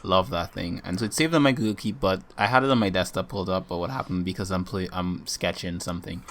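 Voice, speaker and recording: A man's voice: deep voice, fairly even intonation, fast talker, a bit bright. A young man co-hosting a casual podcast, laid-back and rambling, laughing often. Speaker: podcast co-host.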